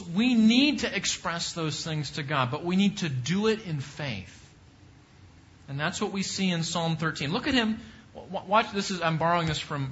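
A man's voice: high voice, pushed and bright, muffled recording. A man teaching a Bible class, preaching emphatically and repeating points with rising questions.

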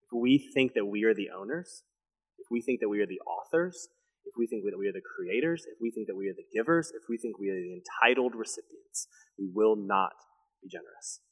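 A young man preaching a sermon to his church, telling a family story with lively storytelling and then dropping into a hushed, intense delivery. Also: lowish voice, fairly quick. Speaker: pastor. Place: church sanctuary. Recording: long hall reverb.

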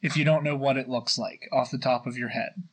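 A man's voice: medium pitch, fairly even intonation, brisk, low-quality recording. A young man co-hosting a podcast, rambling through a story in casual chat with lots of filler words. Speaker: podcast co-host.

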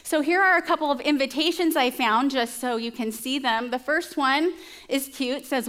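A woman's voice: sits high, normal speed, a bit bright. A woman preacher giving a conversational sermon, telling stories with chatty asides to her listeners.

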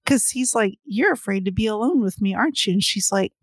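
A woman's voice: mid-range voice, animated, fairly quick, dry recording, clean studio sound. A woman in casual chat about a book, retelling scenes animatedly and acting out the characters' lines.

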